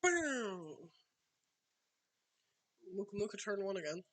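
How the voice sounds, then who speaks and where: A man commentates a card game on a live stream in a slightly high, very bright and sharp voice. He chats loosely as he plays and keeps talking straight to his opponent. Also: moderate pace. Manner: chatty, talks to his opponent while playing.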